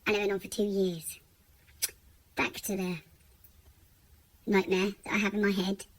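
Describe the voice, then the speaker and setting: A woman telling a painful personal story in a vlog, halting and often repeating her words. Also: medium pitch, little pitch movement. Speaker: vlogger.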